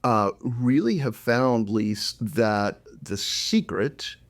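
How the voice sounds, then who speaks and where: A man's voice: mid-range voice, drawn-out words. Middle-aged man co-hosting a chat. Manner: animated, acts out quoted lines. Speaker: co-host, psychologist. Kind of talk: casual conversational podcast.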